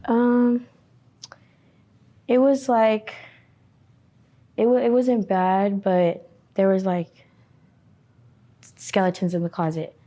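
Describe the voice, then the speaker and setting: Woman interviewee, dark mellow tone, monotone, halting testimony. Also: mid-range voice. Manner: halting, many fillers, quiet and subdued. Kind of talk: personal testimony.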